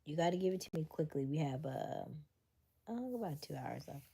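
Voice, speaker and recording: Her voice sits low, expressive and mellow, creaky with a breathy edge, moving at normal speed. She's hosting a casual late-night livestream, chatting and laughing often with viewers, sometimes whispering, and reading answers out to them.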